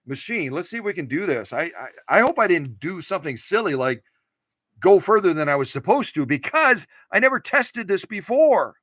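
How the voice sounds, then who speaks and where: In his home workshop, a man who restores and demonstrates vintage sewing machines hosts a casual demo, joking playfully and cheering on his machine and the camera. His high voice has a sing-song lilt, a bit of brightness and a normal speed. The recording is dry.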